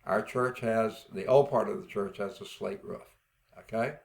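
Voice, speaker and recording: A man's voice: on the low side, normal speed, vocal fry. A man teaching a geology class, showing rock samples in a folksy way and often checking in with "okay?", sometimes admitting he is unsure. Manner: thinks aloud, admits uncertainty. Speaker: geology instructor.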